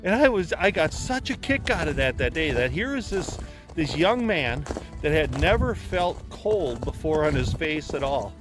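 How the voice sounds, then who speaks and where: A man's voice: a little high, big pitch swings, measured pace, music in the background. A man from Wisconsin, a former sled dog guide, telling stories in a casual, rambling way with many restarts. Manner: rambling, repeats words as he restarts. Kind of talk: casual storytelling.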